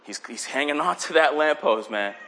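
Young man, casual sermon, animated, acts out voices, a bit high-pitched. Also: normal speed. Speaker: preacher.

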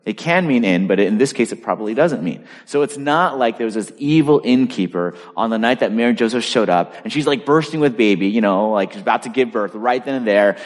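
A man preaching a sermon in a conversational style, full of asides and lively storytelling. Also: lowish voice, fast talker, few pauses, big-room sound. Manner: animated, conversational, lots of asides. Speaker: pastor.

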